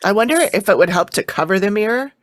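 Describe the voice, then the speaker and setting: A woman's voice: mid-range voice, lively intonation, fast, no room sound. A woman co-hosting a podcast, listening mostly with short replies and laughs. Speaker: podcast co-host. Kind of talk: casual chat.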